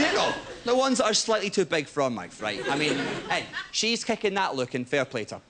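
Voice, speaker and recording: A man's voice: fairly high pitch, brisk, hardly any pauses. A young Scottish man doing a stand-up set on a TV studio stage, telling stories animatedly with a habit of tagging "right?". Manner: animated storytelling with frequent "right?". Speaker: stand-up comedian. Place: TV studio stage before a live audience. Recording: loud audience laughter and crowd noise.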